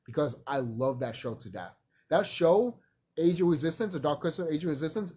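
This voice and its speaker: Husky-voiced man rambling on a vlog. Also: on the high side, darkish tone. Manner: profane, emphatic, repeats himself, laughs often. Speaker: vlogger. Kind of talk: casual rambling monologue.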